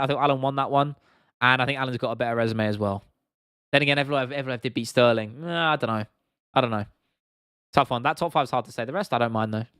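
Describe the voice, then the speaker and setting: A man's voice: mid-range voice, a bit bright, clear, resonant tone, no room sound, studio quality. A young man from England hosting a casual livestream, talking bluntly and swearing freely while reacting to viewer comments. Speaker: livestream host.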